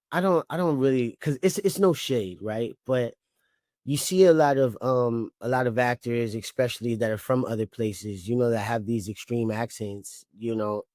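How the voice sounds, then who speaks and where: A man's voice: medium pitch, a little mellow, no room sound, clean studio sound. Laid-back New Orleans man telling stories. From New Orleans, Louisiana. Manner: laid-back storytelling, frequent "you know what I mean". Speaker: actor, interview guest. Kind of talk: casual interview chat.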